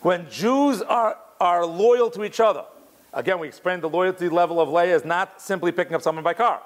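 A man teaching a Torah class in an animated way, explaining commentary, restarting often and mixing in Hebrew terms. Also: high-pitched, fairly quick.

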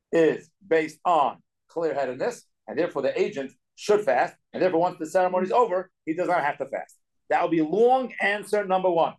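A man teaching a casual Torah study class as a rabbi, animated and acting out the quotes he explains. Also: on the high side, rough recording. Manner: animated, acts out quotes, talks in quick bursts.

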